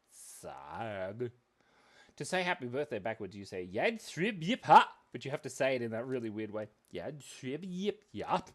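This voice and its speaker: A young man hosting a kids' drawing livestream, chatting in a silly, giggly way and talking to his viewers as he draws. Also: fairly low pitch. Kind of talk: playful live drawing chat.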